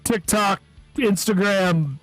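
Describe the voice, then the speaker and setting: High-voiced excitable man hosting a podcast. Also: takes it slowly, no echo, soft background music, poor audio. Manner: excitable, rambling, repeats words. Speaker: podcast host. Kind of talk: casual chat.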